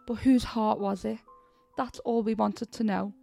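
A woman narrating a horror story in a steady, measured way, her voice fairly high with a gravelly fry. Soft music runs quietly behind her. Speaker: podcast host and story reader.

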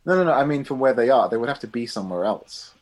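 A man in casual conversation, easygoing and quick to laugh, explaining his view at length. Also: mid-range voice, lively intonation, darkish tone. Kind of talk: casual chat.

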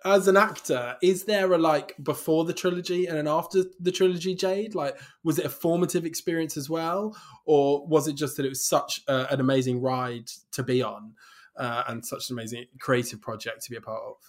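An interview host who asks warm follow-up questions and laughs often. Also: mid-range voice, fairly even intonation, a little fast. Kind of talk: casual interview chat.

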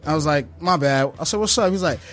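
Barber, casual storyteller; quick, high, profane, does the voices. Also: male voice, faint music behind. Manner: animated, acts out voices in his story; slangy, profane street talk.

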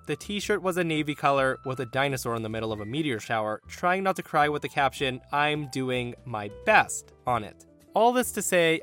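A man hosting a podcast, reading revenge stories aloud with sarcastic, animated delivery. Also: fairly high pitch. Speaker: podcast host.

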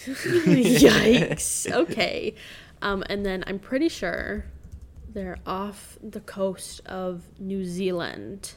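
A woman's voice: medium pitch, expressive, slow. A young woman, a student, co-hosting a casual podcast chat, reacting with dry exasperation and laughter.

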